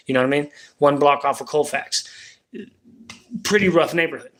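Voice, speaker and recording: A man spinning a long personal story on a livestream, casual and rambling. His talk is full of slang and swearing, with a voice on the higher side for a man. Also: moderate pace, pauses often, fairly bright tone. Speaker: livestream host.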